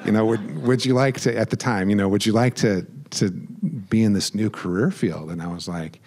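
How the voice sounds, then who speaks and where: Middle-aged man, low voice, memorial ceremony speech, halting, choked up, self-deprecating chuckles. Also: a little mellow. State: choked up with emotion. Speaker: guest speaker.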